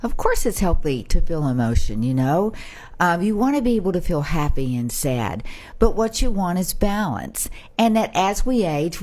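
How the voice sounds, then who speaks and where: A woman's voice: on the low side, darkish tone. A middle-aged woman, a brain health expert, giving advice in a casual panel chat and acting out little exchanges.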